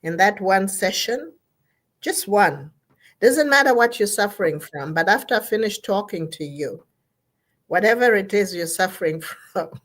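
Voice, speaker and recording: Animated and a bit bright, her mid-range voice keeps a moderate pace. The speaker is a therapist from Zambia addressing people online with an emphatic, uplifting talk on mental health, and she keeps repeating and spelling out the words that matter most.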